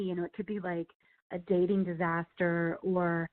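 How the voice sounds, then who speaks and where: A woman's voice: fairly low pitch, flat delivery, normal speed. A woman talking as a guest author in a casual interview, telling stories in a chatty way full of "you know" and "like". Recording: phone line.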